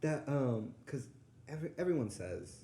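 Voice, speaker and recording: A woman's voice: very deep voice, lively intonation, normal speed, dark tone. A woman co-hosting a podcast in casual chat, blunt and teasing, laughing often. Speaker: podcast co-host. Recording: echoey room, faint noise.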